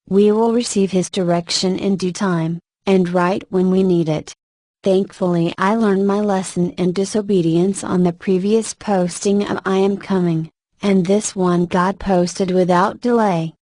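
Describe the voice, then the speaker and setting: A woman reading prophetic religious messages aloud in a slow, measured, even devotional manner. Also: mid-range voice, no room sound.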